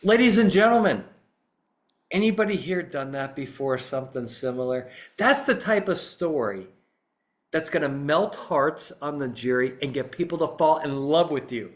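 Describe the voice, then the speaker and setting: A middle-aged trial consultant tells a story on a podcast, acting out how he'd address jurors during voir dire. His voice is a little high and expressive, at a moderate pace.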